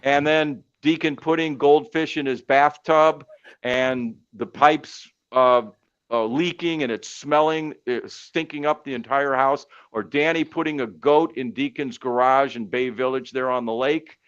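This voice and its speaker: Animated storytelling sportscaster, man. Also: medium pitch, unhurried, smooth, highs cut off. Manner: animated storyteller with many fillers. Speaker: sportscaster and podcast guest. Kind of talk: casual storytelling chat.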